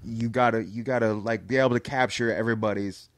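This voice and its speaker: A man's voice: lowish voice, steady tone, fast talker, no room sound. A man who is a comedian and a guest on a podcast, talking in a laid-back way in casual chat, mostly giving brief agreeing replies.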